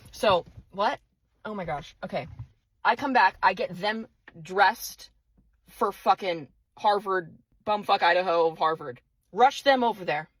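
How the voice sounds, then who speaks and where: Furious, profane young mom ranting. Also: female voice, on the low side, no room sound, low-quality recording. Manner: profane, exasperated ranting with repeated outbursts. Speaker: single mother of five. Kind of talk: angry vlog rant.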